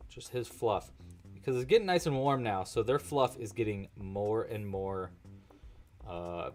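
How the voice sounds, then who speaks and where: A man's voice: lowish voice, unhurried, a little mellow, faint music behind. A man casually teaching a crochet-along on a livestream, chatty and playful, often chatting with his cat. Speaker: crochet instructor.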